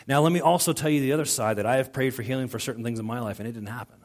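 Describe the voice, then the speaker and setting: A middle-aged man preaching to his congregation in a relaxed, conversational way. He moves through personal stories and plays out both sides of remembered conversations. His voice sits at an ordinary male pitch. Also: rapid-fire. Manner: conversational storytelling with quoted dialogue. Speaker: pastor. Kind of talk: sermon.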